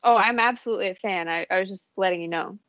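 A woman's voice: medium pitch, quick pace, a bit bright, no room sound. Self-deprecating woman guest on a podcast. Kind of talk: casual chat. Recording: slightly muffled dry podcast audio.

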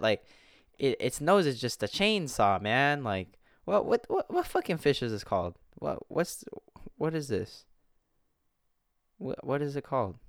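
A young man chatting casually into a close mic, rambling, swearing freely and bursting out in excitement. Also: mid-range voice, no echo. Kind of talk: casual chat. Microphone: close desk mic.

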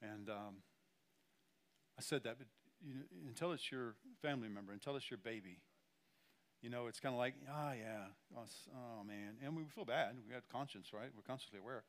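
A man's voice: medium pitch, a little fast. A man preaching a sermon as pastor, talking conversationally and emphatically, repeating phrases and speaking straight to the congregation.

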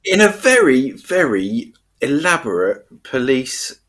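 Male co-host, deadpan sarcasm, husky voice. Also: medium pitch, slow pace. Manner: dry, sarcastic quips. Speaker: podcast co-host. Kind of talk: casual chat.

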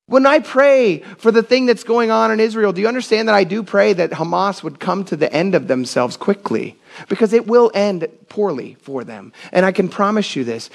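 High-voiced preaching pastor, fervent. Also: male voice, gravelly. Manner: conversational and emphatic, rising to passionate shouts. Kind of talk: sermon.

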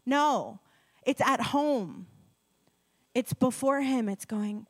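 A woman preaching a sermon, telling a healing story in an animated way, sometimes dropping her voice low. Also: takes it slowly. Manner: animated storytelling, drops to whispers. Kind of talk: sermon with testimony.

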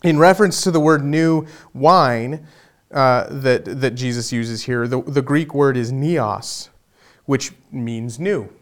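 A man's voice: mid-range voice, takes it slowly. A man preaching a sermon as pastor, earnest, often repeating words as he builds to emphatic points.

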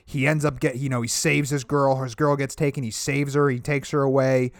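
A man's voice: mid-range voice, level tone, fairly quick, no room sound. A man talks in a loose, rambling podcast chat about films, swearing freely as he gets going. His voice sits in the middle range and sounds dry and close to the mic. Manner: enthusiastic, rambling, casual swearing. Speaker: podcast co-host. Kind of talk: casual movie chat.

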